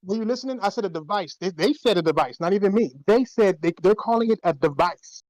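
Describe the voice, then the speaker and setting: A man's voice: high voice, lively intonation, fast, a little mellow, dry recording, low-quality recording. A man guesting on a podcast from home, arguing insistently and defensively in casual talk. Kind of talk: heated casual argument.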